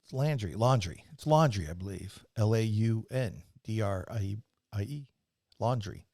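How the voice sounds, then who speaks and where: A man's voice: on the low side, lively intonation, unhurried, vocal fry, mellow, no room sound. Dry-voiced man teasing his co-host. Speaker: podcast co-host. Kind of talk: casual chat.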